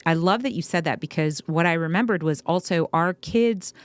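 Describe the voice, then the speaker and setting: Woman, middle-aged, podcast co-host, encouraging and affirming, very low pitch, smooth clear voice. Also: normal speed, dry recording. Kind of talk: casual parenting advice chat.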